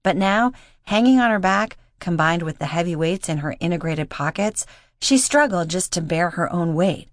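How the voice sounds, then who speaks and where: A woman narrating an audiobook in a steady, measured reading voice. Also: lowish voice, no echo, clean studio sound. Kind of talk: scripted narration.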